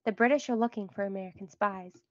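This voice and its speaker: A woman voicing a stern, careful colonial father who speaks in a grave, measured way. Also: mid-range voice, dry recording, muffled recording, close to an everyday voice.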